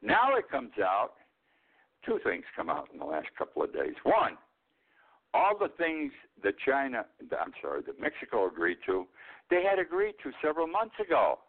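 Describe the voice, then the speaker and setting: A man's voice: mid-range voice, huge pitch swings, normal speed. A man in his eighties, an older host giving a blunt, rambling monologue of political commentary. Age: 80s. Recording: tinny phone-like line.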